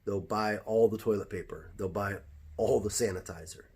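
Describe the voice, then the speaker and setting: A man's voice: fairly low pitch, moderate pace, a little mellow, breathy edge. An American man, a jiu-jitsu instructor, talking through life advice in a reflective, conversational way with frequent restarts. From United States. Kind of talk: casual advice talk.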